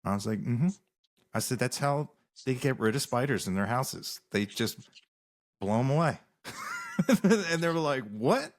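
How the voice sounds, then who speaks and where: A man's voice: mid-range voice, measured pace, long pauses. A man, a musician guest on a podcast, telling rambling stories in casual interview talk with many restarts.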